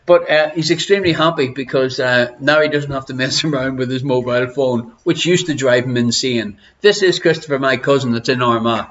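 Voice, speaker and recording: A man's voice: medium pitch, a little fast, few pauses, fairly bright tone. An Irish man hosting an online quiz show from his living room, chatting and teasing viewers as he greets them by name. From Ireland. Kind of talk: casual live-stream chat. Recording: lo-fi home stream audio.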